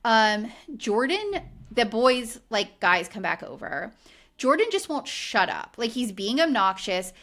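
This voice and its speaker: A woman's voice: a little high, big pitch swings, a little slow, fairly bright tone. A woman co-hosting a podcast, recapping a reality show in casual, indignant chat full of "like". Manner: indignant, chatty, heavy use of "like". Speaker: podcast co-host.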